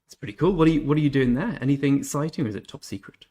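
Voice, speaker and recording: A chatty man hosts a gaming live stream, talking to his viewers in a relaxed, everyday way. He drifts between greeting people in chat and quietly thinking aloud. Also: medium pitch, racing. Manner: chatty, reads chat aloud, mutters to himself. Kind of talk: casual live-stream commentary.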